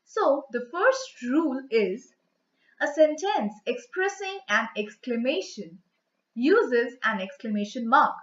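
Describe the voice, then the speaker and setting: A woman explaining grammar rules slowly and emphatically, acting out the example exclamations. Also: high voice, very animated, fairly bright tone. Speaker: English teacher. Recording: echoey room, dull lo-fi sound.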